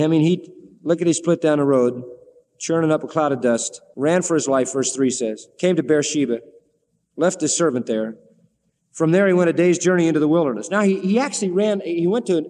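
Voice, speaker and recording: A fairly high-voiced man preaches a sermon, retelling a scripture story with lively, animated delivery. He slips into the characters' pleading voices as he goes. His voice rings out with a long hall reverb around it. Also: slight background noise.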